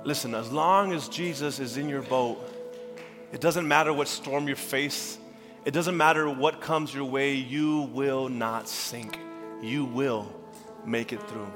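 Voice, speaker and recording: A young adult man, a pastor, preaching a sermon with earnest feeling that swings from urgent rises to hushed, tender passages. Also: medium pitch, measured pace. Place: church sanctuary. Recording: church hall reverb with faint music.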